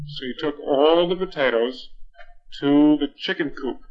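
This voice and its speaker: A man telling a bedtime story to his young child, patient and gently firm, on a dull lo-fi home recording. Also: medium pitch, unhurried.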